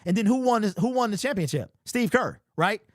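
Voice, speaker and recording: A man from hosting a casual sports talk stream, answering chat in an animated, conversational way. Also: sits high, moderate pace, no echo, studio quality. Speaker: podcast host.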